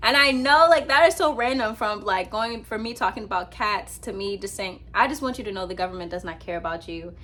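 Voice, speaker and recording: A young woman vlogging casually from her apartment at night, telling a rambling, animated story to her laptop with many fillers. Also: medium pitch, fairly quick, few pauses. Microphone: laptop with ring light.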